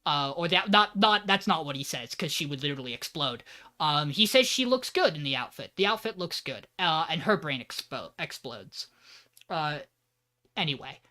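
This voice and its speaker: A man's voice: fairly high pitch, lively intonation, normal speed, pushed and bright. A man co-hosting a podcast, giving a loose, joking plot recap and swearing freely. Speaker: podcast co-host.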